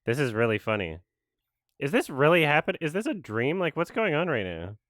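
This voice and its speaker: A man riffing through a casual watch-along with a lively, swooping delivery and a sarcastic, mocking edge. His voice is bright and smooth, and it sits close and dry. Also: on the high side, fairly quick, dry recording. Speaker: host.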